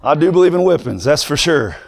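A preacher with a high voice delivers a sermon. He talks plainly at first, then builds to fervent shouting. There is a gravelly fry in his tone. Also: very animated, a little fast.

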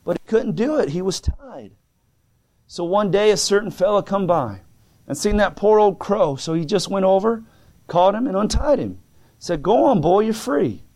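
A male preacher with a somewhat high voice, delivering a sermon in a fervent, folksy way. He tells homely stories in plain speech and swings from soft pleading to ringing calls. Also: animated, moderate pace. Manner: folksy plain-spoken storytelling. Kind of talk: sermon answering written questions.

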